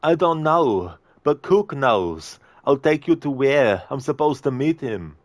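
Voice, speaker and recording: A man putting on a strained, higher-pitched voice for a frightened, cornered henchman. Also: sing-song, measured pace, dry recording. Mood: scared.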